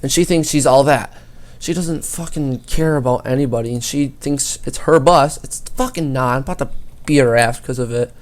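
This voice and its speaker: A man's voice: medium pitch, normal speed. A teenage boy gaming YouTuber telling a school story over gameplay, rambling and swearing a lot.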